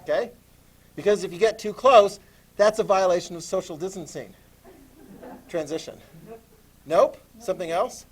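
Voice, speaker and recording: A man teaching a class, lively and animated, asking students questions as he lectures. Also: sits high, normal speed, pauses often, slightly rough.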